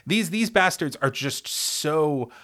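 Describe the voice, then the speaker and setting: A man's voice: on the high side, slow pace. A man hosting a sports podcast, talking in a profane, hyperbolic comic rant full of stammered restarts. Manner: animated, rambling, stammers and restarts often; heavy swearing, hyperbolic.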